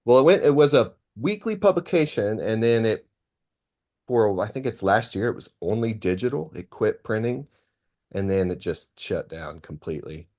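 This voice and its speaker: A man's voice: fairly low pitch, lively intonation, moderate pace, darkish tone. A man being interviewed as a movie critic, talking in a modest, easygoing way with some fillers between phrases. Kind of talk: casual interview talk.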